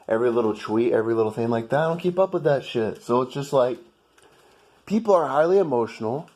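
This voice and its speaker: A man's voice: medium pitch, a little mellow. A man from the United States telling a story in a heated, profane rant to the camera. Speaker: vlogger. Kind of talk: ranting monologue.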